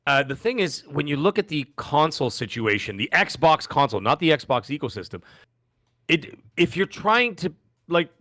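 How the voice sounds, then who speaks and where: Emphatic, bright-voiced male podcast co-host. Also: on the high side, moderate pace, no echo. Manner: animated, emphatic, goes off on tangents. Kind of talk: casual podcast chat.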